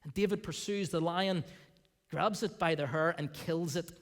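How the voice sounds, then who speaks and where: A male pastor preaching a sermon in a church, animated, acting out the voices of the people in the scripture. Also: on the high side, normal speed, in a large hall. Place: church sanctuary.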